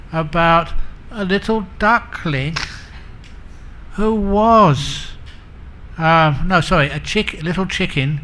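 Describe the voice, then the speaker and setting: A male monk giving a dharma talk at an unhurried, deliberate pace, his voice bright and clear. He tells stories with gentle humour and chuckles at his own jokes. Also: high voice, slight background noise. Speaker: Buddhist monk teacher.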